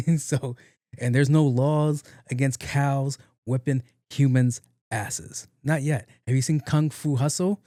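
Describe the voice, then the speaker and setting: A man's voice: mid-range voice, unhurried, dark tone, no room sound, clean studio sound. A young adult man hosting his own podcast, telling funny stories in a casual, joking way and acting out both sides of the conversations. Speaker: podcast host. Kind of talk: casual solo podcast monologue.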